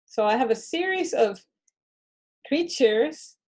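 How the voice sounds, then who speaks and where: A woman teaching a Spanish lesson to children, switching between English and Spanish and modeling words slowly and clearly for the class to repeat. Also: high voice, animated, darkish tone.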